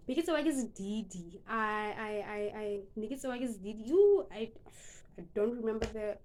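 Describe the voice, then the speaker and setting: A woman's voice: a little high, darkish tone. A young woman from South Africa with a South African accent, telling a personal story in an earnest, emotional vlog style and slipping into casual asides. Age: young adult. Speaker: vlogger.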